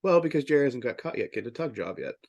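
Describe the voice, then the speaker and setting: A man's voice: mid-range voice, very animated, rapid-fire, darkish tone. A man co-hosting a casual sports talk show, joking and hesitant, often repeating himself. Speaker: co-host.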